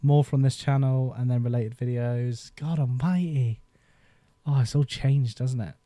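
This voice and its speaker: A man's voice: medium pitch, steady tone, unhurried, dark tone, no echo. A man in his thirties chatting casually on a live stream, rambling and nostalgic, often laughing as he talks into a desk microphone. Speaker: YouTube host.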